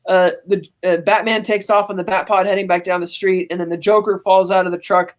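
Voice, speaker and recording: This is a podcast co-host telling a film scene beat by beat over a video call. The delivery is chatty and animated. Bits of dialogue get quoted along the way. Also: medium pitch, brisk. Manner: animated storytelling, quoting scenes in passing. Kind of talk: casual movie recap chat.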